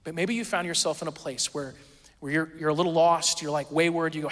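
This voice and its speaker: A man's voice: a little high, fairly even intonation, fast, fairly bright tone, long reverb tail. A male pastor preaching a sermon in a conversational, storytelling way, acting out quoted voices.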